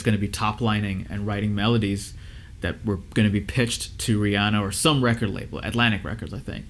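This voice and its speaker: A man who is a music engineer and teacher, giving casual advice and stories to his students in a loose, conversational way with lots of fillers. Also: mid-range voice.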